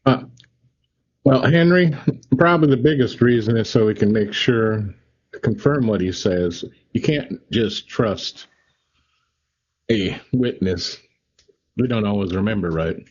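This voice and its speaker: A man's voice: on the low side, unhurried, pauses often, breathy edge, lo-fi sound. A man playing a tabletop game, explaining his reasoning in a casual way. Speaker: player.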